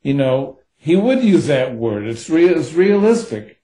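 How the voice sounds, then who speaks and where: A man's voice: on the high side, big pitch swings, measured pace, mellow, low-quality recording. A novelist talking about his craft in an interview, thoughtful and hesitant, with many fillers and restarts. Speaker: novelist and co-author. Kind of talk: interview conversation.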